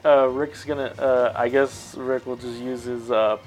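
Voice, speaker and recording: A man chats casually while playing a tabletop game, speaking hesitantly and filling his talk with fillers. His medium-pitched voice is steady, unhurried and somewhat dark, with soft music in the background.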